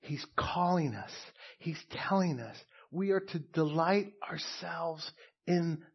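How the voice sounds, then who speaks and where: A middle-aged pastor preaches in an unhurried, deliberate way, his voice a little husky. He leans hard on key words and then drops almost to a hush. The sound is dull and muffled. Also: fairly high pitch. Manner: slow, emphatic preaching with soft, hushed stretches. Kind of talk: sermon.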